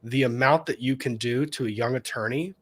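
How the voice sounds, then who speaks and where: A man's voice: mid-range voice, a little fast, husky. A man, an attorney co-hosting a casual chat, earnestly recalling moments with judges and repeating phrases for emphasis. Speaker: attorney, podcast co-host.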